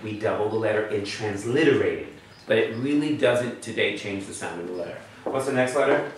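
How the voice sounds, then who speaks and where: A man with a fairly low pitch, speaking a little fast, teaches a Hebrew class, patiently explaining step by step and checking in with students. The recording comes from far off in an echoey room with faint noise.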